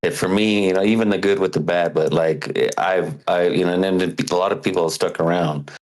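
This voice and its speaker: A longtime caller talking in a rambling, halting way, full of fillers and restarts. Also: male voice, deep voice, fairly even intonation, darkish tone, poor audio. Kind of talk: casual call-in chat.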